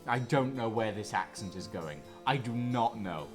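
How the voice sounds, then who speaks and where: A man chatting through a game stream, throwing in chuckling, self-mocking asides. His pitch moves around a lot as he talks, and game music plays steadily behind him. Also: expressive, moderate pace. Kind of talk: casual gameplay chat.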